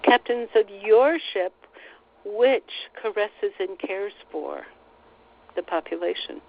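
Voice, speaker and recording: A woman relaying channeled spiritual teachings on a recorded call, speaking slowly and gently and repeating phrases. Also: medium pitch, expressive, creaky. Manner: slow, soothing, repeats phrases, relays quotes. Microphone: phone line on a teleconference call. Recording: slightly dull teleconference audio.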